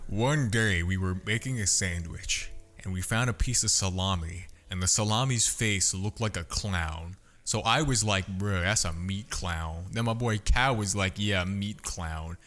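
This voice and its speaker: A man's voice: fairly low pitch, moderate pace, few pauses, fairly bright tone. A young man talking casually as a podcast guest, brash, boastful and full of swearing. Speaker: podcast guest, content creator.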